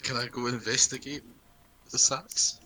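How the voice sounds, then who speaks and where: A man playing a tabletop game, asking the game master relaxed questions. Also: mid-range voice, measured pace, slight background noise, rough recording. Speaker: player. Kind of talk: casual tabletop play.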